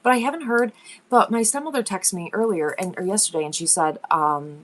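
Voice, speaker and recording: A woman's voice: lowish voice, a little fast. A young woman chatting casually and rambling on a livestream from her home. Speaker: live seller.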